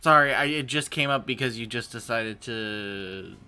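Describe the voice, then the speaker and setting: Guy at a tabletop game, bright sharp voice, swears a lot, faint music. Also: mid-range voice, smooth. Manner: loose, swearing, quick to laugh. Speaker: player. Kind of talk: casual tabletop game talk.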